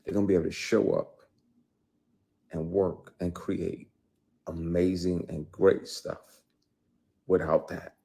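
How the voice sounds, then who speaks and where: A man with a deep, husky voice speaks with blunt intensity. He is emphatic and swears freely, like an actor speaking out in an interview. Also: flat delivery, slow pace, long pauses, warm tone. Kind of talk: impassioned interview testimony.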